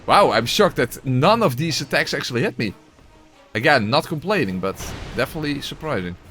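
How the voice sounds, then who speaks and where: A man's voice: mid-range voice, expressive, brisk, a bit bright, faint music behind. A man giving casual gameplay commentary and voice-over narration, exclamatory, swearing, with wry asides.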